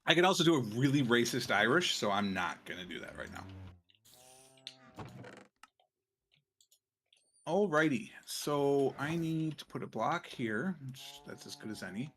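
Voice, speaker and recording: A man's voice: medium pitch, expressive, a little slow, long pauses, fairly bright tone, slight background noise. A man streaming a game, chatting casually and muttering to himself as he crafts items. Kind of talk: casual gameplay chat.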